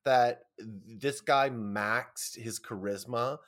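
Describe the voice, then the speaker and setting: A man's voice: medium pitch, extremely slow, fairly bright tone. A man co-hosting a podcast, recapping a TV episode in rambling, playful casual chat. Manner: rambling, lots of "like" and restarts, playful. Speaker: podcast co-host.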